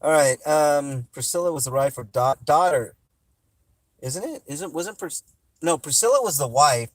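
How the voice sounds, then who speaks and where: Guy on a livestream reading out comments and cracking jokes, voice sits a bit high, chewing gum. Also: lively intonation, moderate pace, dry recording, poor audio. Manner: joking, reads viewer comments aloud; talks while chewing gum. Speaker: livestream host. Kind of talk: casual livestream chat.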